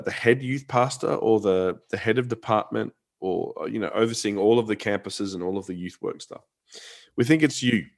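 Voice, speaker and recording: A middle-aged man hosts a relaxed talk show and tells a story at an easy, conversational pace. He restarts his sentences often and fills the gaps with ums and uhs, with an ordinary, mid-pitched voice. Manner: chatty, halting with many restarts and fillers. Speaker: podcast host, former youth pastor. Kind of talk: casual chat with storytelling.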